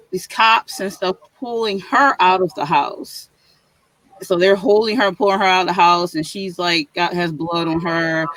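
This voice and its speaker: A man's voice: high voice, fairly bright tone, no echo, rough recording. A man hosting a casual chat among writers on a video call, retelling a story in a rambling way full of "like". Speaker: host of a writing session.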